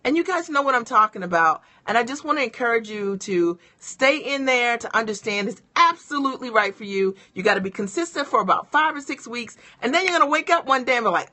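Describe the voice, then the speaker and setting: A woman's voice: a little high, a little fast, hardly any pauses. A middle-aged woman giving a motivational live-stream talk as a business coach, speaking straight to her viewers and encouraging them. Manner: energetic and encouraging, addresses viewers directly.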